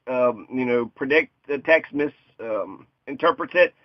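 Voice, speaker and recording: A man's voice: mid-range voice, lively intonation, measured pace, no echo. A young adult man reads a list aloud and riffs on each item with jokes, laughing often. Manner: joking, riffing, laughs often. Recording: dull lo-fi dry recording.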